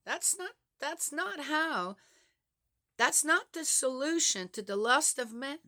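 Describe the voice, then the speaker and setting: An older woman talking frankly and chattily to her viewers, with soft laughs along the way. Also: high voice, animated, takes it slowly. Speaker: vlogger. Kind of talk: casual talk to camera.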